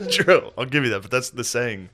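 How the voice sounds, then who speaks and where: A man co-hosting a comedy podcast, telling family stories in a casual, profane way, laughing often and acting out relatives' lines. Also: medium pitch. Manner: animated, swearing, laughs often, acts out family members. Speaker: podcast co-host.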